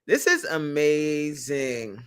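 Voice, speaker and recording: Slow-talking chatty woman livestreamer. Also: sits low, very animated, a bit bright, smooth. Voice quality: chatty, reads chat aloud, laughs often. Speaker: livestream host and creator coach. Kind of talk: casual livestream chat with viewers.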